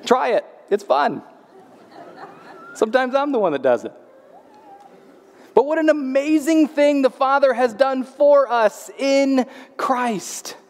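Pastor, male, thirties, higher voice, earnest sermon delivery with falling phrase endings, church hall reverb. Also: expressive, measured pace, a little mellow. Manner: earnest, drops pitch at phrase ends, frequent restarts.

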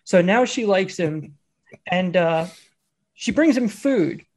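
Animated storytelling man, chatty film talk. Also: sits high, slow pace. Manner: animated storyteller, laughing often. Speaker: podcast co-host. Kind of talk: casual film chat.

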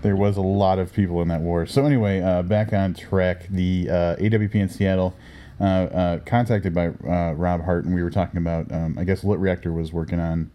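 A man's voice: sits low, level tone, normal speed, muffled recording. A man hosting a podcast, chatting casually with a rambling delivery full of fillers. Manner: rambling, lots of fillers and laughs. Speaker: podcast host.

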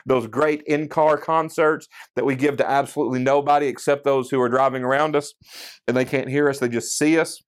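A man's voice: medium pitch, steady tone, fairly quick, clear, resonant tone. A man preaching a conversational sermon, walking through a Bible passage with frequent check-ins to his listeners.

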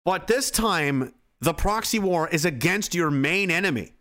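A man's voice: sits high, lively intonation, measured pace, sharp tone. A man hosting a podcast livestream, ranting casually and profanely, reading chat messages and acting out quoted voices.

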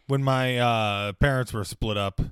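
Deadpan guy on a comedy podcast, smooth clear voice, dry wry one-liners. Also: medium pitch, unhurried, dry recording. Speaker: podcast co-host. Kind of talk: casual comedy podcast chat.

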